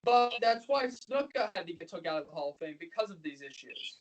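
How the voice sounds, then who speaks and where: A man's voice: sits high, lively intonation, a little fast, a little hiss or hum, rough recording. A man co-hosting a casual podcast chat, rambling and repeating himself with emotion. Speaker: podcast co-host.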